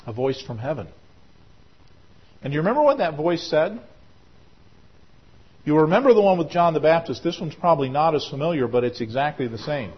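A man's voice: fairly high pitch, animated, fairly quick, slightly rough. A male pastor preaching a sermon in an earnest, explanatory way, sometimes restarting his words. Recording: dull lo-fi recording.

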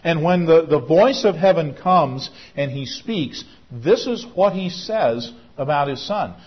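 A man's voice: a little high, expressive, measured pace, breathy edge. A male pastor preaching a sermon in an earnest, explanatory way, sometimes restarting his words. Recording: dull lo-fi recording.

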